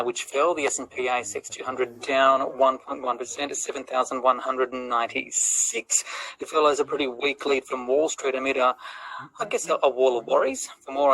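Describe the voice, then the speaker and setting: A man presenting business news and asking guests clear, orderly questions. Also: medium pitch, bright, forceful tone, rough recording.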